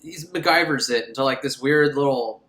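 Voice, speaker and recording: A man's voice: mid-range voice, moderate pace, fairly bright tone, reverberant. A man recapping a horror film in a sarcastic, rambling, mocking way. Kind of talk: comedic movie recap.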